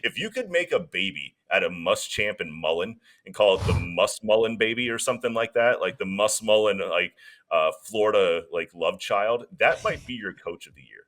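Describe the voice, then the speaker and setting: A man's voice: lowish voice, lively intonation, moderate pace, a bit bright. A man co-hosting a casual sports podcast, laid-back and rambling as he riffs on jokes. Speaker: podcast co-host.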